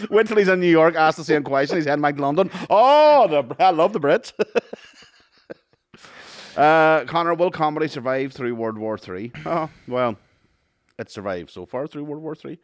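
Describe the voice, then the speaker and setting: A man's voice: fairly high pitch, fairly quick, no echo, studio quality. A young Northern Irish man co-hosting a podcast in casual banter, swearing freely and reading out listener questions. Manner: sweary, reads listener questions, laughs often. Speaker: podcast co-host.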